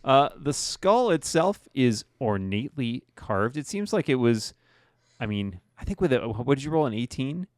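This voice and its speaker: A man's voice: mid-range voice, normal speed, dry recording. Guy running a d&d game, easygoing, laughs a lot, dry close sound. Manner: relaxed, chatty, laughs often. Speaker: game master. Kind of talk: narrating a tabletop game.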